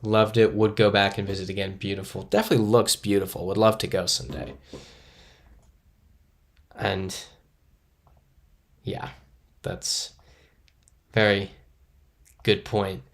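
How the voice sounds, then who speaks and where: A man with a low voice and a gravelly edge chats casually through a live stream. He thinks aloud, reads out viewers' comments and pokes fun at himself in an easygoing, unscripted way. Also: level tone, unhurried, long pauses. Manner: thinking aloud, chatty, self-deprecating.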